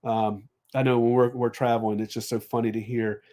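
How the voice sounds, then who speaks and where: A man's voice: medium pitch, level tone, brisk, darkish tone. Chatty man reading out viewer comments. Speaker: co-host of a live stream. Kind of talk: casual live-stream chat.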